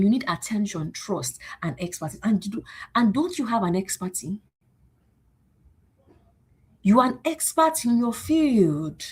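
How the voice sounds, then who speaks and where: Rallying woman with a husky voice. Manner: animated, repetitive and rallying, acting out exchanges in higher voices. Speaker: host. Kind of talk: motivational livestream talk.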